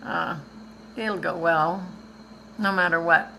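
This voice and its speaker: Slow, gravelly older woman chatting. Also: on the low side, fairly even intonation, bright, forceful tone, slight background noise, rough recording. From Canada. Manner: chatty, rambling, laughs easily. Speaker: visual artist hosting a live stream. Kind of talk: casual live-stream talk.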